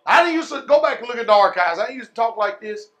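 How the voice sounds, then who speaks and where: Man, pastor, high-pitched, fiery sermon, drawn-out words, sudden shouts, folksy. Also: animated. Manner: folksy, calls the congregation y'all and man.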